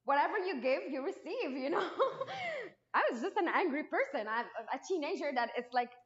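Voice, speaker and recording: A woman from Morocco with a Moroccan accent and Arabic as her first language, telling her personal testimony at church in a lively way with frequent restarts. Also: a little high. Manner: lively storytelling with frequent restarts and acted quotes. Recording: dull lo-fi sound.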